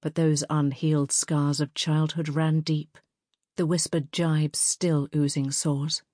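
Low-voiced woman reading an audiobook. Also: flat delivery, slow, dark tone, dry recording, studio quality. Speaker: narrator. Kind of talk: audiobook narration.

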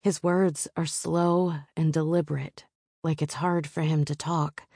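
A woman narrating a romance audiobook in the first person with a soft, intimate storytelling manner. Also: low voice, flat delivery, unhurried, dry recording, studio quality.

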